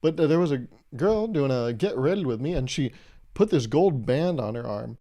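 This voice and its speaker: A man's voice: medium pitch, lively intonation, moderate pace, mellow. A man in his twenties hosting his own podcast, rambling through a casual solo monologue with self-deprecating jokes and asides. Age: 20s. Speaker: podcast host.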